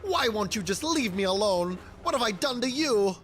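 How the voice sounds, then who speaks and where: A man's voice: high voice, lively intonation, moderate pace, a bit bright. An actor voicing a distraught young male Jedi apprentice in a video game, pleading and defensive.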